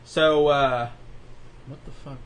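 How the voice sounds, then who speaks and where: A man's voice: fairly high pitch, fairly even intonation, slow. A young man co-hosting a gaming podcast in a laid-back casual chat, chuckling as he talks. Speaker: podcast co-host.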